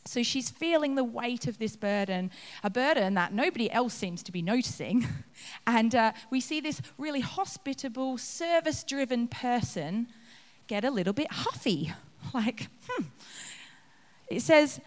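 A woman preacher gives a conversational sermon, acting out the scenes she describes and laughing along the way. Her fairly high voice has lively intonation and an unhurried pace. The long reverb of a hall surrounds the recording.

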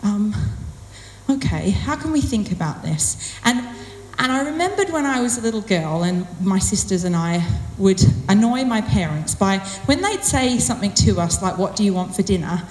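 A woman's voice: mid-range voice, animated, moderate pace, hardly any pauses, darkish tone. A woman giving a personal sermon talk in a chatty, self-deprecating way, with playful emphasis on her words. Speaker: church speaker. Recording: echoey hall with long reverb.

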